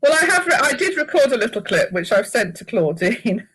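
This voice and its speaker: A woman guest chatting in an interview, telling lively stories and laughing often. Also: a little high, a little fast, husky, low-quality recording.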